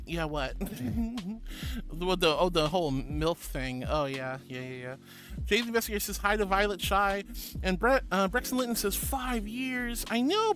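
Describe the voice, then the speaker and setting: A female VTuber streamer chats casually and reads viewer messages aloud. Bubbly and affectionate, she calls everyone honey and sweetheart, letting out big delighted gasps as her pitch swoops around.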